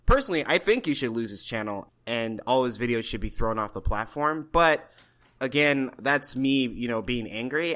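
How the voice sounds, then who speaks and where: A man co-hosting a podcast, explaining things in a measured way with some fillers. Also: mid-range voice, a bit bright. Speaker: podcast co-host. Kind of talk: casual podcast chat.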